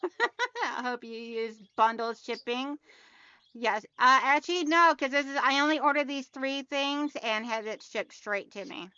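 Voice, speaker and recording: A woman's voice: high-pitched, measured pace, sharp tone, clean tone, no room sound, lo-fi sound. A woman hosting a casual quilting livestream, chatty and talking straight to her viewers as she reads out their comments.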